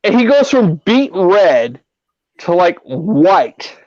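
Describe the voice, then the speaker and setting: In a very animated, high, slightly mellow voice, a middle-aged podcast host slowly tells rambling, profanity-laced anecdotes in a casual way. The lo-fi audio is dull, with no echo.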